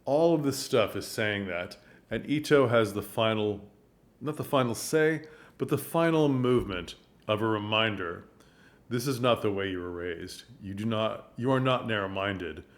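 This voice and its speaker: Man, lowish voice, theater commentary, earnest, animated storytelling. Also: normal speed. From United States. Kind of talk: casual commentary.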